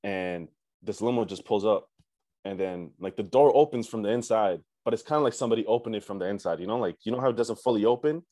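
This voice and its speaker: A young man from Canada, a musician telling a story in a relaxed, slangy chat full of fillers. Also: lowish voice, fast, no room sound. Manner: laid-back slangy talk with many fillers and profanity. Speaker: musician guest.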